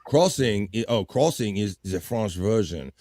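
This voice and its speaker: A man's voice: on the low side, animated, moderate pace, dark tone, no room sound, clean studio sound. A man with a Baltimore accent hosting a live stream in casual chat, laughing often and swearing freely.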